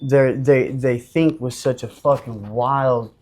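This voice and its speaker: A man from Utah, a podcast guest telling his life story in a blunt, profane, animated way, full of fillers. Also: mid-range voice, slow pace. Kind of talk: casual storytelling.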